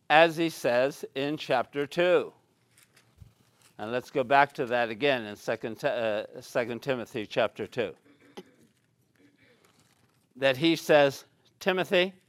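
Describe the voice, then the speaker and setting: A man's voice: fairly high pitch, fairly bright tone, no room sound. A man preaching a bible study sermon, reading scripture aloud and stressing key words.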